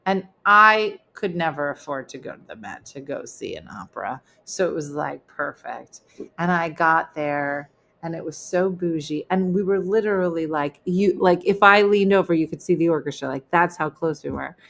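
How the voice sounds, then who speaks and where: A woman's voice: low voice, moderate pace, creaky, a bit bright. A middle-aged woman hosting a live show, telling rambling, funny stories to her viewers and chatting with them casually. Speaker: host of a live chat show. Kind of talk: casual storytelling chat with viewers.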